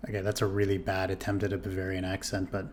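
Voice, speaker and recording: A man's voice: deep voice, monotone, fast talker, darkish tone, slight background noise. A man casually commenting on a history video, rambling and correcting himself with many fillers. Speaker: reaction video host.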